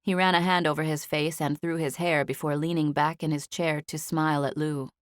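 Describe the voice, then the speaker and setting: Woman reading an audiobook, lowish voice, bone-dry close sound. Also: no room sound. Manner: even, measured storytelling. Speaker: audiobook narrator. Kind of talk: scripted narration.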